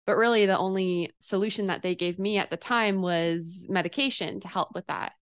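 A woman's voice: medium pitch, fairly even intonation, fairly quick, few pauses, fairly bright tone, clean tone. A woman hosting a podcast, responding thoughtfully and sharing her own experience in conversation. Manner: reflective, speaks from personal experience. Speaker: podcast host. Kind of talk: casual interview chat.

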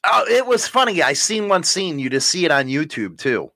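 A man's voice: fairly high pitch, very animated, normal speed, pushed and bright, no room sound. A man co-hosting a casual podcast with his wife, ranting and teasing with plenty of profanity. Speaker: podcast co-host. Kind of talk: casual banter.

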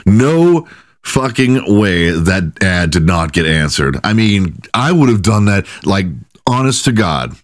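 A man's voice: sits low, big pitch swings, slow, no echo, studio quality. A man hosting a solo comedy podcast, talking crudely and profanely with frequent laughing asides. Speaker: podcast host. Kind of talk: comedic monologue.

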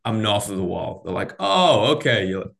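Deep-voiced Mancunian man hosting. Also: fairly even intonation, fast, vocal fry, a bit bright. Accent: Northern English, Manchester. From Northern England. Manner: chatty, slangy, laughs often. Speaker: podcast host. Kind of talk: casual conversation.

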